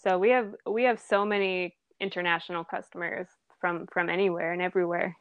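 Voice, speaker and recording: A young adult woman who manages a restaurant, chatting casually, animated and laughing often. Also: fairly low pitch, brisk, clean tone, dry recording, phone-quality sound. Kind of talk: casual chat.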